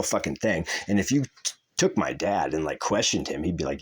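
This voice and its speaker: A man's voice: rumbling low, lively intonation, a little fast, a little hiss or hum. A man hosting a podcast, talking in a casual, rambling way, full of swearing and tangents. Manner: rambling, profane, laughs mid-sentence. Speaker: podcast host.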